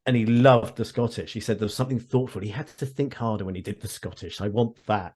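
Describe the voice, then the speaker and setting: A man's voice: on the low side, quick pace, darkish tone. A man chatting as a guest on a video call, often restarting his sentences with a dry, wry humor. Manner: rambling, self-interrupting, wry. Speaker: guest, actor and audiobook narrator. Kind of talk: casual chat over video call. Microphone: headphones on a video call.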